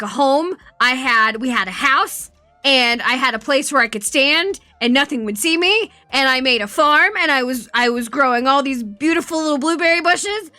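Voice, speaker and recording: A woman streamer telling rambling, profane stories with a bright, forceful voice. She speaks a little higher than most women, and her voice is close and dry with faint music underneath. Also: no echo. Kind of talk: casual stream chat. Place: home streaming setup.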